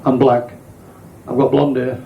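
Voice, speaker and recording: A man voicing a glum, deep-voiced man in a joke who slowly owns up to his oddities. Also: flat delivery, gravelly, far from the mic, slight background noise. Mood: gloomy. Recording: echoey, dull lo-fi club recording.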